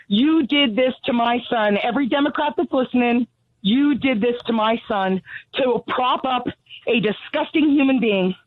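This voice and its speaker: A middle-aged woman calling in, furious, blunt and sarcastic, out of breath as she speaks. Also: high-pitched. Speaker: caller. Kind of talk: call-in radio rant. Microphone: telephone. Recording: tinny dry phone line.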